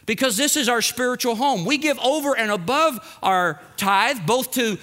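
A middle-aged pastor preaches with a notably high voice. His tone is bright and pointed, and he drives ideas home through repetition, slipping into short acted exchanges to make his case. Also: moderate pace. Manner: emphatic, repeats for effect, acts out little dialogues. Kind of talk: sermon.

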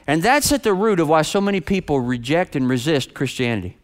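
A man preaching a sermon in a church, lively and rhetorical, stretching out key words for emphasis. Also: on the high side, fairly quick. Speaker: pastor.

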